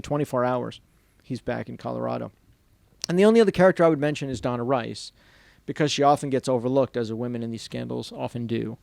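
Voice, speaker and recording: Man telling a story with gravelly voice. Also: a little high, dry recording. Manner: animated storyteller, quotes others in a hushed voice. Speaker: author giving a book talk. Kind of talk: storytelling book talk. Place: bookstore event room before an audience.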